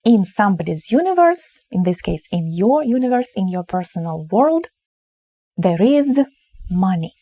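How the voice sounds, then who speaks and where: Woman teacher, slow careful explaining, mellow voice, dry sound. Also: medium pitch, big pitch swings, no room sound. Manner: slow explanatory delivery, acts out example phrases. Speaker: Russian teacher. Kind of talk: grammar lesson at a board.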